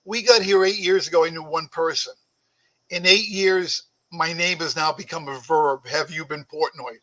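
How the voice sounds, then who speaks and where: A man's voice: a little high, steady tone, moderate pace, sharp tone, rough recording. A man with a Boston accent, a guest artist chatting casually on a podcast about his work. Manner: chatty, storytelling, self-promoting.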